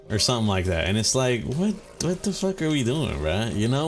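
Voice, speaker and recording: A man's voice: medium pitch, sing-song, a little fast, few pauses. A man hosting a gaming let's play, rambling and cursing casually with lots of filler words and joking swagger. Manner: mock-serious swagger mixed with jokes. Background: faint game music.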